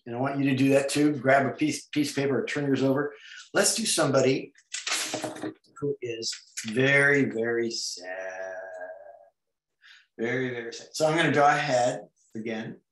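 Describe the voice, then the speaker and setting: Playful man, mid-pitched, teaching comics over a video call, adds silly noises while drawing, echoey room. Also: fairly even intonation, brisk, slight background noise. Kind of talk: online drawing lesson.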